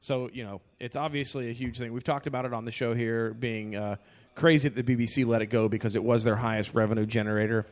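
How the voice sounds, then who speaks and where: A man's voice: mid-range voice, level tone, fast. A man chatting casually on a podcast, his talk rambling and full of ums and uhs. He sounds keen and upbeat about the topic, in a mid-range everyday voice. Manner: rambling, filler-heavy, enthusiastic. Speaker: podcast co-host. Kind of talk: casual chat.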